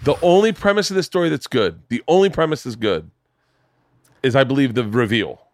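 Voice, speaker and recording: Animated, profane man telling a story. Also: medium pitch, fairly quick, dry recording. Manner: animated, profane, acts out voices and yells in stories. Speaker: podcast host. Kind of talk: casual chat, storytelling. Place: home studio man cave.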